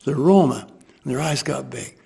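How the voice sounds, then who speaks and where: An older American man telling a war memory to an interviewer, lively and acting out the people he quotes. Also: medium pitch, a little fast, vocal fry, breathy edge. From United States. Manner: animated storyteller who voices quoted people. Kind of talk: storytelling.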